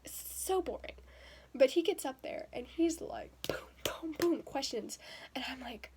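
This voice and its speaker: A young woman recounts a story to her camera, her voice sitting a little high. She acts out what people said with breathy, whispered asides. A faint hiss sits under the recording. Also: normal speed. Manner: animated retelling, acting out quotes with frequent breathy asides. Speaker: vlogger. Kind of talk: storytelling vlog. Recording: faint background noise.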